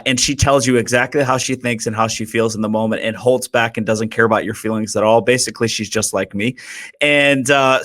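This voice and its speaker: A man in his thirties co-hosts a podcast and tells a family story in a loose, animated way. He pokes fun at himself and laughs often, and his voice sits at an ordinary middle pitch. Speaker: podcast co-host. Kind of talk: casual storytelling chat.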